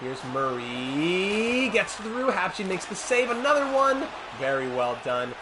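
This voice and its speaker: A man's voice: a little high, sing-song, slow. Man doing play-by-play over game noise. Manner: mock sportscaster calls, asides to chat. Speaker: streamer playing a hockey video game. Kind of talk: play-by-play commentary while gaming.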